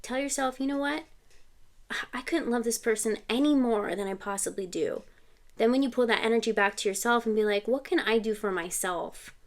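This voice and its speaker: A woman's voice: on the high side, brisk. A woman giving a casual tarot reading to camera, chatty and reassuring, often checking in with "okay?". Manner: quotes song lyrics and sings snatches. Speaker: tarot reader.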